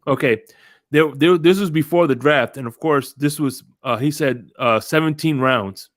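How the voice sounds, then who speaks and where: A man's voice: on the high side, normal speed, no room sound, studio quality. A man hosting a casual sports podcast, rambling through stories and greeting viewers as he goes. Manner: rambling, greets live chat viewers, tells stories with quoted voices. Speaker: podcast host.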